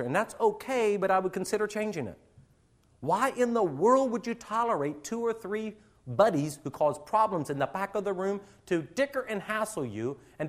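A middle-aged male teacher giving a conversational lecture to other teachers, acting out little classroom scenes as he goes. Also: on the high side.

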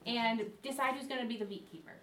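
A woman with a slightly high voice leads a workshop group in a classroom, chanting rhythmic phrases quickly while demonstrating the motions amid crowd noise from the participants. The recording is loud and noisy, captured by a distant mic in an echoey room.

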